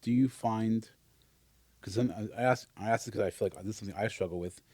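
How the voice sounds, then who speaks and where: A man's voice: on the low side, fast, darkish tone, no echo. A man co-hosting a podcast in a casual, heartfelt conversation, hesitant and searching as he opens up about his own struggles. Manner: hesitant and searching, many fillers and restarts while opening up. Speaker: podcast co-host.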